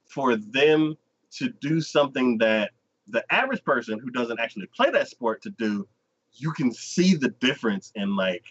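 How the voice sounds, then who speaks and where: A man's voice: medium pitch, lively intonation, moderate pace, lo-fi sound. A man hosting a podcast who casually retells anime episodes in a rambling way, laughing often, into a desk mic. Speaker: podcast host. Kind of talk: casual anime review chat.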